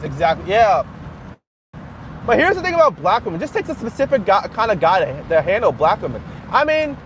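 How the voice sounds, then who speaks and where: A man's voice: high voice, slight background noise. A man live-streaming from his car as he drives, chatting casually in a rambling way and laughing often. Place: in a car while driving.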